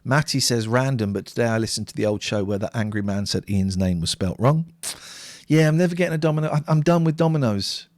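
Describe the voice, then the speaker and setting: A man's voice: medium pitch, fast talker, a little mellow, no room sound, studio quality. A man co-hosting a late-night live stream, chatting casually and reading out viewer comments in a wry way.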